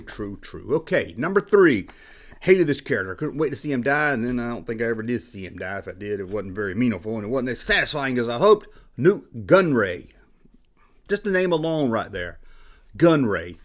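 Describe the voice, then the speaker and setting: A man in his forties with a Southern US accent, hosting a video and ranting bluntly, with emphatic, exasperated repetition, in casual commentary. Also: mid-range voice. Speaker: YouTube host.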